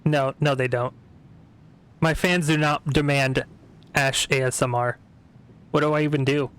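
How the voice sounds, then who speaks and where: A man's voice: on the high side, fairly even intonation, moderate pace, long pauses, a bit bright, clean tone. A man streaming a game, casually commenting and joking about himself. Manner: joking, self-mocking, bursts into laughter. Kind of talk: casual game commentary with parody whispered role-play.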